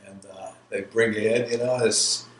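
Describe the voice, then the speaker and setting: In a roomy recording marked by faint background hiss, a man in his sixties from New York, an army veteran, narrates his life for an oral history interview. His fairly low voice holds a steady tone at normal speed as he rambles and laughs.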